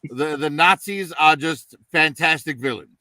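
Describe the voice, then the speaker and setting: A man hosting a casual movie review chat, relaxed and rambling with many fillers, heard through a distant mic. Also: on the high side, a little slow, no room sound. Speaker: podcast host.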